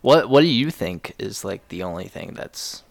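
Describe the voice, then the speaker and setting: A man's voice: lowish voice, sing-song, moderate pace, gravelly. A young man in casual chat, joking and mock-grumpy, swearing casually.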